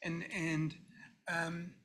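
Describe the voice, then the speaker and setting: Bright-voiced older man, halting tribute. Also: on the high side, completely flat delivery, low-quality recording. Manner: warm, halting, repeats words. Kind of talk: personal tribute remarks. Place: university lecture hall.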